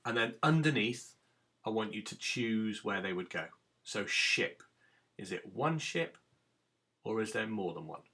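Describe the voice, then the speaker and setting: A male primary teacher talks young pupils through a phonics lesson. His voice is bright and forward, a little low. He moves at an unhurried, patient pace, spelling things out step by step. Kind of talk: recorded phonics lesson for children.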